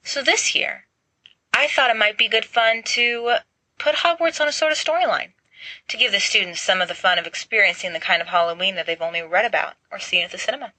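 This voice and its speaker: A woman's voice: mid-range voice, a little fast, bright, forceful tone, no room sound, pitched above the performer's own voice, rough recording. A woman voicing an old male wizard headmaster who speaks in a dry, amused, long-winded way. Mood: genial.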